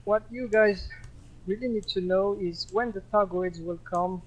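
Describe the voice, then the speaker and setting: Slow-speaking man. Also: high voice, poor audio. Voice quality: slow, careful, searching for words. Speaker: gaming group representative. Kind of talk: casual remote chat.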